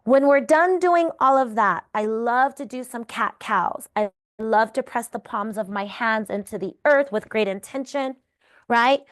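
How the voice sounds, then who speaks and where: A woman yoga therapy instructor guiding breathing exercises in a calm, encouraging way, often checking in with the listener. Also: fairly high pitch, smooth.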